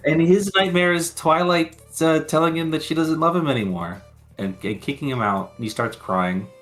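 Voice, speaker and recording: A man's voice: on the high side, normal speed, fairly bright tone. Male podcast co-host, casual rambling recap talk, profane, faint background music. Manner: rambling, swears freely, laughs often. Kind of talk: casual chat recapping episodes.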